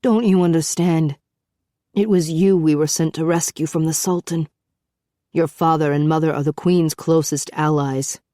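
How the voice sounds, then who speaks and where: A woman narrator voicing a somber ship captain in a spoken storybook, soft and apologetic. His voice is low and mellow, with a dry, close sound. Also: no room sound, lightly acted. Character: grave, ashamed male ship captain, middle-aged.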